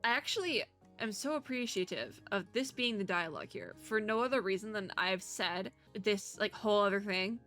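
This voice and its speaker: A woman's voice: mid-range voice, lively intonation, normal speed, hardly any pauses, a bit bright, faint music behind. A young woman streamer chatting casually and laughing as she plays through a game and reads its lines aloud. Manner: chatty, giggly, self-deprecating asides. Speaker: VTuber streamer. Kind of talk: casual let's-play chat, reading game dialogue aloud.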